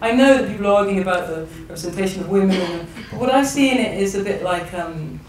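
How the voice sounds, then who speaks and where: Woman novelist, thoughtful, halting speech, echoey hall, distant mic. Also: medium pitch, lively intonation, darkish tone, a little hiss or hum. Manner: thoughtful, hesitant, with many restarts. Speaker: novelist guest. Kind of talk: public conversation on stage. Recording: echoey hall recording from afar.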